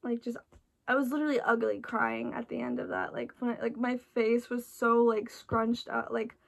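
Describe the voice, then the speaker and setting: A woman's voice: a little high, level tone, moderate pace, creaky. A woman chatting in a casual, rambling way, full of restarts and "like", sounding tired and emotional. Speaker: vlogger reacting to an album.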